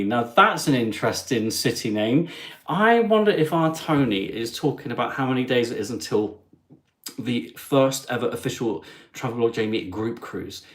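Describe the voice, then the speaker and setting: A man hosting his travel livestream, chatting in a cheeky, jokey way with asides to viewers. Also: medium pitch. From England. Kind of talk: chatty live stream.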